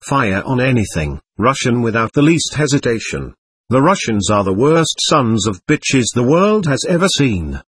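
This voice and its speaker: A man's voice: medium pitch, very animated, normal speed, fairly bright tone, husky, dry recording, studio quality. A man reading the part of a self-important corporal who lectures the others, in an audiobook. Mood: lecturing.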